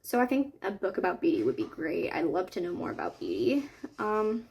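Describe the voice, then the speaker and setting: A woman's voice: on the low side, sing-song, brisk, darkish tone. A young woman chatting casually and rambling about a book while making a digital journal. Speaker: book vlogger.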